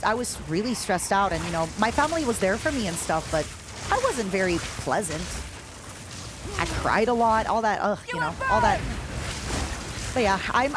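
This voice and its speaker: A woman streamer chatting live while she games, candid and confiding, her talk halting and searching for words. Her pitch sits mid-range for a woman, and soft game music plays faintly beneath her. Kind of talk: casual live-stream chat while gaming.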